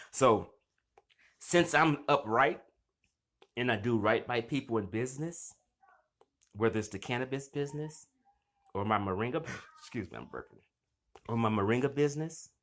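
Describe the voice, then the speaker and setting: Man, casual call-out vlog, boastful, confrontational, swinging pitch. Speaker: channel host.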